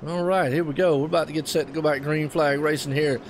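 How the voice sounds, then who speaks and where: Southern guy from NC calling a race live, chatty and excited, voice sits a bit high. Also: quick pace, slight background noise. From North Carolina. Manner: chatty, excitable, folksy asides to viewers. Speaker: race commentator. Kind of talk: live play-by-play commentary.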